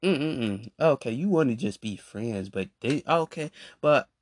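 On his solo podcast, a young adult man with a medium-pitched voice rants at a measured pace about friends who wronged him. He's animated and repetitive, calling people out.

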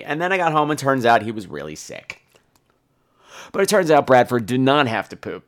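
Animated, lively man telling a comic story. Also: mid-range voice. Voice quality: animated, profane, theatrical. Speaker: podcast host.

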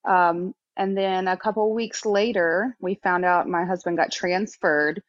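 A woman in her thirties speaks in a candid interview conversation, her voice sitting a little low. She talks haltingly, full of fillers and restarts. The sound is dry and slightly dull, like remote call audio. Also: steady tone, dry recording. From Texas. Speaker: podcast guest.

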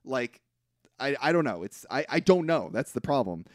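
A man co-hosting a podcast, casually recapping a film in an animated way, acting out quotes and often hedging. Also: medium pitch, moderate pace, dry recording, studio quality. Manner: animated retelling with acted-out quotes, frequent hedging. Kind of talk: casual chat.

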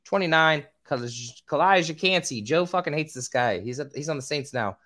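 A man hosting a casual podcast who stumbles over names and swears now and then, with a voice he calls squeaky. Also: lively intonation, brisk, bright, forceful tone. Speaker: podcast host.

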